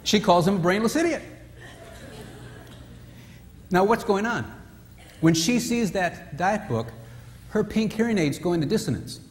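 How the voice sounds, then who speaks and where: A man giving a humorous marriage seminar talk at a retreat, telling stories in an animated way and acting out the characters. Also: sits high, a little slow, pauses often, slight background noise. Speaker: retreat speaker. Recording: reverberant hall.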